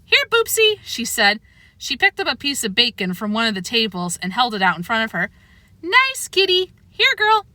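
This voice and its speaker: A woman's voice: brisk, bright, forceful tone, no echo, natural voice. Woman doing a fluttery old lady. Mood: eager. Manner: high, fluttery, eager. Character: excited old woman, blue-haired resident.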